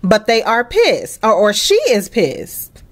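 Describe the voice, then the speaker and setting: A woman hosting a casual let's play, chatty and expressive, cursing and laughing at the game's drama. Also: mid-range voice, takes it slowly. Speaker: gaming channel host.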